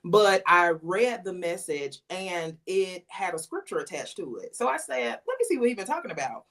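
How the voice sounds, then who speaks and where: A woman, a guest on an interview, telling a personal story in a casual, animated way and acting out the lines she quotes. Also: lowish voice, normal speed.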